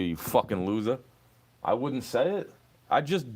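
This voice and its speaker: A man's voice: medium pitch, animated, normal speed, slight background noise. Profane young man ranting at a troll. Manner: profane, confrontational, repeats "bro". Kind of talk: angry rant at a commenter.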